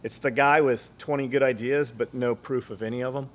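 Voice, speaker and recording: A man's voice: medium pitch, fairly even intonation, fairly quick. A man hosting a podcast in casual chat, blunt and profane, rambling from story to story. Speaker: podcast host.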